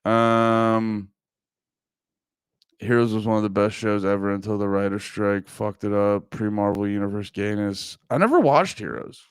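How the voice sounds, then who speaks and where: A man in his thirties hosts a livestream, rambling casually, swearing, mocking himself, and laughing often. His fairly low, clear, resonant voice moves at a moderate pace, captured in a dry, studio-quality recording.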